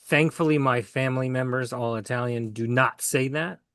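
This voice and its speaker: A man from North Jersey, co-hosting a podcast and chiming in with calm, matter-of-fact remarks. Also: medium pitch, moderate pace, clear, resonant tone, no echo, clean studio sound. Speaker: podcast co-host. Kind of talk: casual podcast banter.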